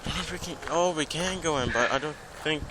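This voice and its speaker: Filming on a handheld camera beside the bird enclosure at an outdoor zoo, a fast-talking man with a fairly high voice chats playfully with parrots, coaxing them. Background noise is audible.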